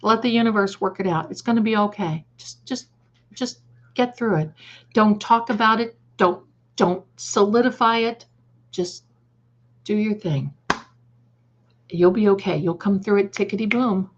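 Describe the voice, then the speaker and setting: A woman's voice: medium pitch, measured pace. A woman psychic hosting a live stream and reading viewer comments aloud. She speaks affectionately, calls viewers "my darling," and repeats words and restarts sentences as she goes. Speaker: psychic livestream host. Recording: slightly dull lo-fi stream audio.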